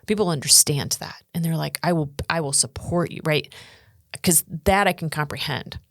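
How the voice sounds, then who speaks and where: A middle-aged woman with a lowish voice recounts her experiences at normal speed, earnest and animated, slipping into the voices of people she quotes. She's a guest speaker and coach doing storytelling in a podcast interview. The sound is close and dry, with no room around it and no echo.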